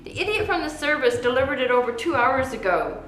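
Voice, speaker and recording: An actress playing a cold, bossy old woman with a Canadian accent and a flat, stiff, commanding delivery, heard as a film clip. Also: sits high, fairly quick, a little hiss or hum. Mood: scolding. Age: older. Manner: curt, commanding. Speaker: stern old lady in a film. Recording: roomy film soundtrack clip.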